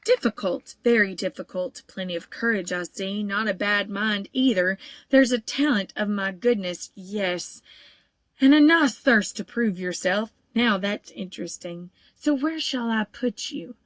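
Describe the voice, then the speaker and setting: A wise old enchanted hat, male and knowing, turning things over quietly before booming out its decision, as a woman reads it. Her voice sits at an ordinary middle pitch. The sound is close and dry, with no room around it. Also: measured pace, no room sound, natural voice. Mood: musing. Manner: murmuring and musing, then bellowing house names. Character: old talking magic hat, male, shrewd and musing. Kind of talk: audiobook character voice.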